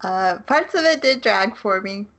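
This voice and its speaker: A woman's voice: medium pitch, animated, measured pace, fairly bright tone. A woman co-hosting a podcast, chatting casually about an anime and laughing often. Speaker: podcast co-host. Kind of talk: casual anime review chat.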